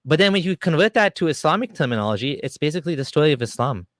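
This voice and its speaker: A man giving a casual, argumentative monologue to camera, animated and full of fillers and restarts. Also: on the high side, rapid-fire, no room sound. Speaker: video creator.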